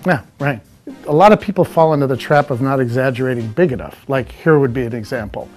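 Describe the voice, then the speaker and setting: A man teaching comedy technique in a measured, explanatory, scripted way. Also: medium pitch, darkish tone, soft background music. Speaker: comedy instructor. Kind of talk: scripted instructional talk.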